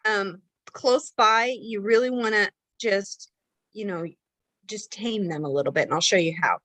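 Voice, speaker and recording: A woman's voice: medium pitch, a little slow, fairly bright tone, no room sound, poor audio. A woman hosting a casual makeup demonstration, talking in a chatty, rambling way with many fillers and restarts. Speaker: makeup tutorial host.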